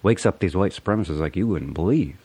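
A man's voice: low voice, expressive, fast, dark tone, breathy edge. A man delivering a profane, rambling, sarcastic political rant. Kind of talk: ranting political monologue.

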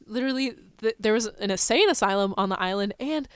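A woman's voice: mid-range voice, quick pace, clean tone, no echo, studio quality. A young woman co-hosting a podcast, telling a ghost story in casual chat, laughing often as she goes. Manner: giggly, animated storyteller. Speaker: podcast co-host.

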